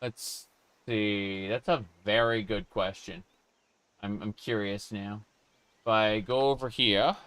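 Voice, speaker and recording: A man chats his way through a game stream, playful and joking as he reads chat aloud. His voice is low and clear, and he takes his time. The sound is dry and close. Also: steady tone, slow pace, a bit bright, dry recording. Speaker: gaming streamer. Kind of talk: casual live gameplay commentary.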